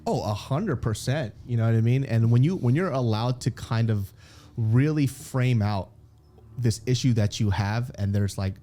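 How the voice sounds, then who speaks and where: A comedian in his thirties, interviewed as a guest, tells candid stories as an animated storyteller, laughing often, swearing freely and acting out quotes. His mid-range voice moves at normal speed.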